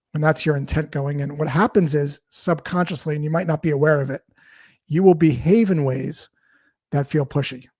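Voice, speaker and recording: A man's voice: a little high, warm tone, dry recording, clean studio sound. A man being interviewed as a sales expert, explaining his ideas through anecdotes and quoted dialogue. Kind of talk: conversational interview storytelling.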